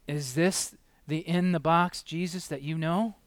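Fervent high-voiced male preacher. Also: fairly even intonation, unhurried, no echo. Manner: impassioned, rising to loud emphatic peaks and dropping to quiet asides; asks the listeners many rhetorical questions. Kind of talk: sermon.

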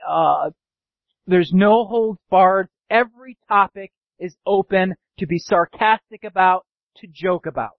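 Man, pastor, animated sermon, high pitch, muffled recording. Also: no room sound. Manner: animated preaching, mimics sarcastic voices. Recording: dull dry lo-fi sound.

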